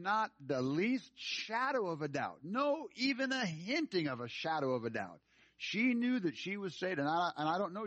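A male pastor preaching to his congregation, moving from a plain story into urgent, emphatic appeals. His voice sits a little high for a man. The recording is dry and a bit muffled. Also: fairly bright tone, no room sound. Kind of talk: sermon. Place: church room.

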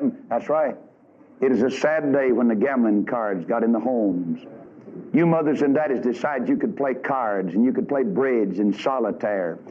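Fiery preacher, high and lively. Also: male voice, husky. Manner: fiery, folksy, scolding. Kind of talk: revival sermon. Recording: dull lo-fi archive recording.

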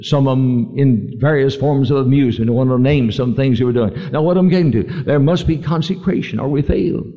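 A man's voice: mid-range voice, fairly quick. Preaching man in an echoing old hall recording. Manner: preaching with swells of emphasis and storytelling. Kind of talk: sermon. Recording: dull old recording in a long-echo hall.

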